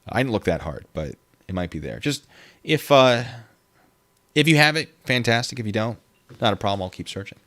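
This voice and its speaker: A man's voice: on the low side, big pitch swings, normal speed, fairly bright tone. A young man hosting a casual livestream, rambling and reading viewer comments aloud. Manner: rambling, reads chat aloud. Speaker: livestream host.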